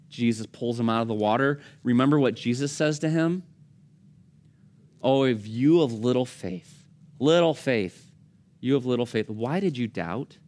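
A man preaching a conversational sermon, acting out the lines of the people in his stories. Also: mid-range voice. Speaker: pastor.

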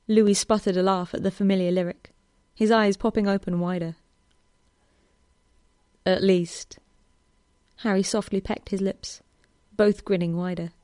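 A woman reading a romance story aloud in a slow, even narration. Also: medium pitch, dry recording, studio quality. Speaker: reader. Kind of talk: reading fan fiction aloud.

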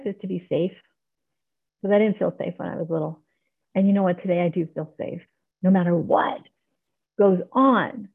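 A woman's voice: medium pitch, fairly quick, creaky, long pauses, husky. A middle-aged woman giving an earnest, heartfelt personal share as a member of a recovery meeting, speaking on a video call. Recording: tinny online call audio.

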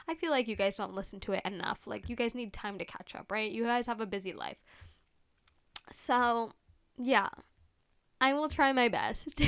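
A woman's voice: fairly high pitch, clean tone. A young woman hosting her own podcast, chatting casually on her own, gushing and full of "like" fillers, with playful, teasing asides. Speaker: podcast host. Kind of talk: casual solo podcast chat.

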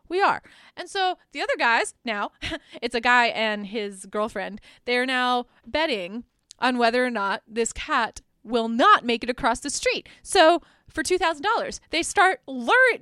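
A young woman casually recapping a film's plot, animated and profane, with lots of filler words. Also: sits high, no room sound, clean studio sound. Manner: animated, swearing, many "like"s and "um"s; acts out characters' lines in quick voices. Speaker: podcast host.

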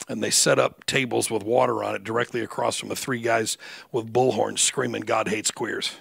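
A middle-aged man preaching a sermon, his voice heavily gravelly and bright-edged. He moves from easy, conversational storytelling to loud, emphatic outbursts. The sound is dry and close. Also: medium pitch, fairly even intonation, fairly quick, dry recording. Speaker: pastor.

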